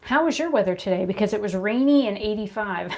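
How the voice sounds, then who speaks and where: A woman chatting to a phone camera at home, rambling and animated as she tells stories between makeup steps. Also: mid-range voice, a little fast. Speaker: beauty vlogger. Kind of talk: casual chat while doing makeup. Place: her home, indoors. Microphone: phone camera at arm's length.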